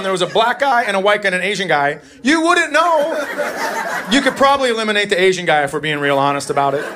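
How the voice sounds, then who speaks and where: Animated male stand-up comic, live crowd. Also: high voice, fast talker, very noisy. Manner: animated storyteller who slips into character voices. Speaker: stand-up comedian. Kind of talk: stand-up comedy routine. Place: comedy club stage before a live audience. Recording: live club set with crowd laughter.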